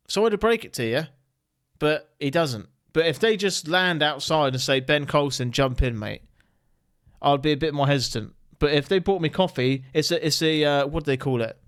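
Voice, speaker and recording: A man's voice: fairly high pitch, clean tone, dry recording, clean studio sound. A man, the host, giving casual joking commentary on videos. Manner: joking, chatty, animated asides.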